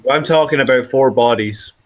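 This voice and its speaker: A man's voice: mid-range voice, moderate pace. A man playing a tabletop game, speaking politely but a little confused and hesitant. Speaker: player.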